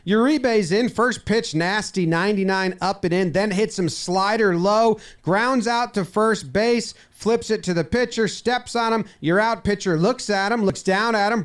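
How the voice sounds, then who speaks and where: A man giving a playful, comedic breakdown of game footage, acting out the players' lines with mock dialogue. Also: high-pitched. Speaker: baseball video commentator. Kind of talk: comedic sports breakdown over clips.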